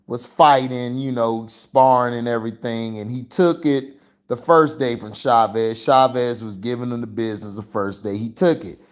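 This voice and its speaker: Slow, slangy man reviewing a movie. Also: mid-range voice. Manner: rambling and slangy, full of "you know" fillers. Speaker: movie reviewer and channel host. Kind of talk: casual livestream movie review.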